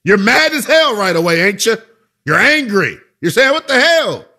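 A man's voice: sits high, sing-song, normal speed, sharp tone. A man hosting a sports talk radio show, delivering an emphatic, conversational monologue full of rhetorical questions.

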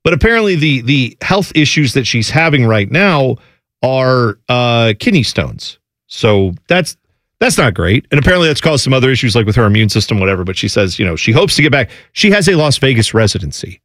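A man hosting a sports radio show, chatting casually and joking with his co-hosts in an animated way. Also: a little fast, dry recording, clean studio sound. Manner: animated, jokey, lively delivery with pitch jumps when quoting. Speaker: radio host.

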